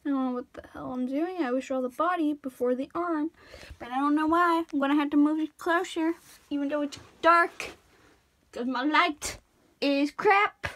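A young woman chats away while she draws, her voice high and cartoony from tiredness. She rambles, trips over her words and pokes fun at herself. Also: moderate pace, fairly bright tone. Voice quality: cartoony put-on voice. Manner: rambling, self-deprecating, stammering restarts. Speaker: drawing tutorial vlogger. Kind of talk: casual drawing commentary.

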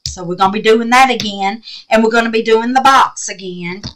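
A woman's voice: a little high, a little fast, a bit bright, slight background noise, rough recording. An older woman with a Southern US accent hosting a casual crafting vlog, chatty and gushing, calling her viewers honey and babies. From Mississippi, USA. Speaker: resin craft channel host.

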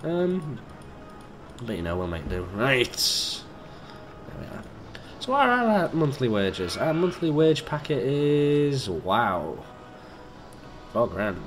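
A man's voice: medium pitch, sing-song, slow pace, soft background music. A man giving let's play commentary, chatty and joking, swearing and talking to himself as he builds. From Britain. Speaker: gamer.

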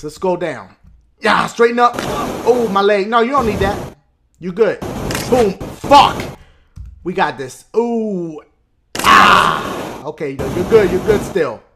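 A man hosting a let's play channel, loud and excitable, swearing a lot and shouting at the game. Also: on the high side, noisy background. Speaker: gaming channel host.

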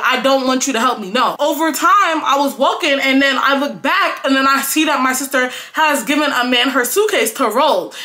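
Young woman vlogger, high bright voice, slangy animated storytime chat. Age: young adult; late teens. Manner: animated, slangy, acts out quotes loudly.

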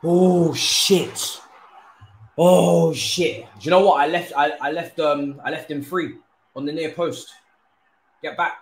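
A young man giving live commentary on his own football video game match, excitable, pleading and swearing often. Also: fairly high pitch, slow pace. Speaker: gaming streamer. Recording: roomy echo.

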